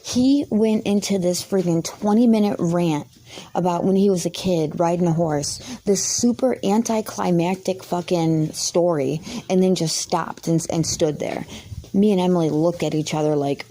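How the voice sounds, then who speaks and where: Woman, low mellow voice, indignant rambling rant, heavy swearing, storytime vlog. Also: measured pace, a little hiss or hum. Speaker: vlogger. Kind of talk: angry storytime rant to camera.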